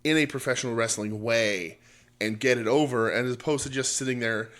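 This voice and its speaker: A man's voice: mid-range voice, brisk, a bit bright. Rambling male wrestling podcast host. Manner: rambling, many fillers and restarts. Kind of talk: casual wrestling chat.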